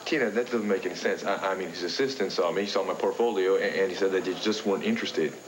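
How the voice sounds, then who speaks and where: An actor playing an easygoing young photographer who stammers a little, in a 1980s TV soap. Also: male voice, sits low, quick pace, natural voice. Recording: noisy TV broadcast recording.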